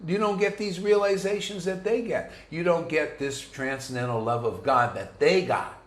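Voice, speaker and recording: A man's voice: on the high side, normal speed, echoey room. Blunt, slangy male spiritual teacher. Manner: blunt and combative, slangy, frequent restarts. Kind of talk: informal devotional sermon.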